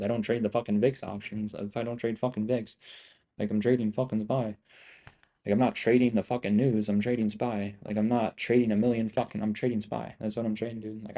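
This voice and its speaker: A young man talks casually over a trading live stream, looping back over the same boasts and swearing freely. His voice sits on the low side with a dark, mellow tone. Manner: rambling, profane, boastful and repetitive. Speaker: live-streaming options trader.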